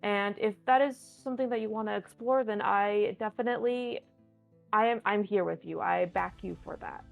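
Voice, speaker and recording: A woman's voice: mid-range voice, moderate pace, gravelly, no room sound, phone-quality sound, soft background music. A woman standing in as host of a live tabletop game stream, answering viewer questions in a playful, chatty, rambling way with many restarts. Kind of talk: casual live-stream chat.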